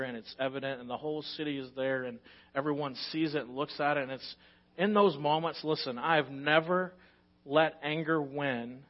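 A man's voice: on the high side, lo-fi sound. A man with a Texan accent, a pastor preaching a sermon, telling stories with rising energy and then settling into earnest teaching. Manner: animated storytelling, rising loud and fast in anecdotes.

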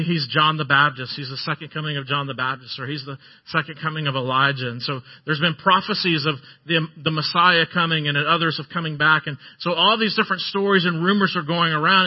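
High-voiced man preaching earnestly. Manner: earnest, emphatic preaching with repeated phrases. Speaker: pastor. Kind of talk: sermon. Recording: dull lo-fi sermon recording.

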